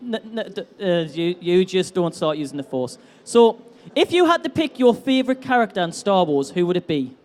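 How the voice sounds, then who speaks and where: A man's voice: high-pitched, big pitch swings, normal speed, hardly any pauses, a little mellow. A man hosting a live convention stage game, teasing contestants with upbeat, jokey banter.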